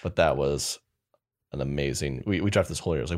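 A young man with a very low, deep voice tells a story on a podcast. He rambles loosely and casually, with plenty of fillers along the way. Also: fast, darkish tone. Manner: laid-back rambling storyteller. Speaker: podcast co-host. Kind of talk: casual chat.

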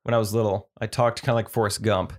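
A young man co-hosting a podcast, telling stories in a lively, animated, casual way. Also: on the low side, fast, a little hiss or hum. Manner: animated storyteller, laughs often. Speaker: podcast co-host. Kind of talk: casual chat.

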